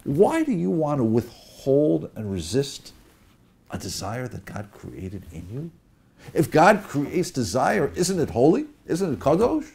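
Sly male serpent tempter, coaxing and full of questions, gravelly husky tone, as a teacher acts him out. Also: a little high, darkish tone, pitched above the performer's own voice, exaggerated voice. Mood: urgent persuasive.

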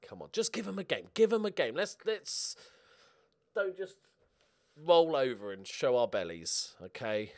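A man giving casual, excitable commentary while he plays a football management game at home, swearing and cheering at the match. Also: mid-range voice, a little slow. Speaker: gaming YouTuber. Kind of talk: casual let's-play commentary.

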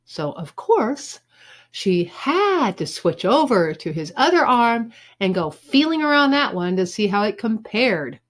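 A woman teacher reading a children's chapter book aloud with expressive storytelling. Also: medium pitch, a little slow.

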